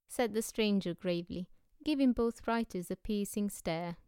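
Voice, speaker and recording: A woman narrating an audiobook in a measured storytelling way. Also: medium pitch, warm tone, smooth, no room sound, studio quality. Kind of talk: scripted narration.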